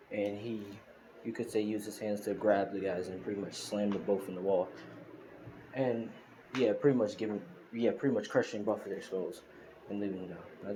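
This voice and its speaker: A man's voice: on the low side, noisy background. A man casually retelling a fan story, rambling along with many restarts and fillers.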